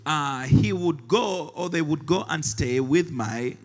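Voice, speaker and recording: A pastor preaches a sermon in short, fervent phrases, pausing for his interpreter. His voice sits high for a man. The sound carries a long, echoing hall reverb.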